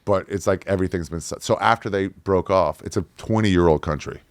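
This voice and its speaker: A man's voice: deep voice, fairly quick, no room sound, clean studio sound. A middle-aged man, a guest on a podcast, telling travel stories in casual chat and acting out other people's lines with plenty of swearing. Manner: animated storyteller who swears and acts out other people's lines. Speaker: podcast guest, touring comedian.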